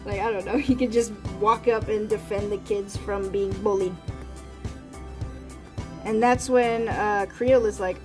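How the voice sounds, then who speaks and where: A woman's voice: medium pitch, steady tone, over music. A woman streaming as an artist, chatting casually and rambling with many fillers and restarts. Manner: rambling, full of fillers and restarts, quick quoted voices. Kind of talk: casual livestream chat.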